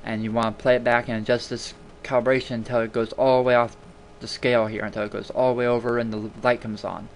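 A man's voice: medium pitch, little pitch movement, fast, hardly any pauses, a little hiss or hum. A man hosting a casual screen-recording tutorial, chatty and rambling, repeating words for emphasis, talking into a desktop mic at his home computer. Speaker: video tutorial host.

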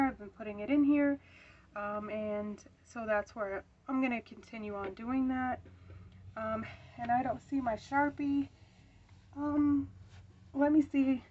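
At home, a young woman vlogs about her budget, chatting casually with plenty of ums and getting out of breath as she counts bills aloud. Her voice is on the high side, and the sound has phone quality.

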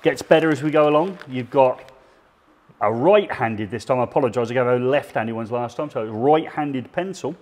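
A middle-aged man hosting a live stream, chatting and joking in a relaxed banter with his co-host. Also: mid-range voice, moderate pace. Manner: jokey, chatty presenter banter.

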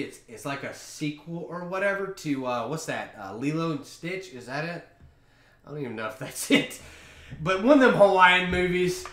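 Lively, rambling young podcast guy. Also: a little high. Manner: rambling, offhand, drinking beer. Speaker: podcast host. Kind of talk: casual chat. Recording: roomy echo.

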